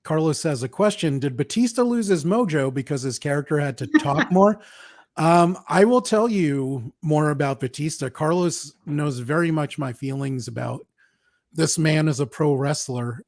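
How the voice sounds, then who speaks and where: A man's voice: on the high side, moderate pace, a little mellow, no echo, studio quality. Chatty man hosting a film review. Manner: laughs often, opinionated and chatty. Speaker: podcast host. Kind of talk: casual film review chat.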